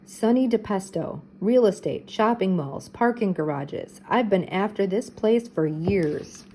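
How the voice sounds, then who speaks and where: Woman doing a gruff greedy developer. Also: mid-range voice, expressive, measured pace, a little mellow, a little hiss or hum, close to an everyday voice, poor audio. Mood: blunt. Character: gruff older male real-estate developer, greedy.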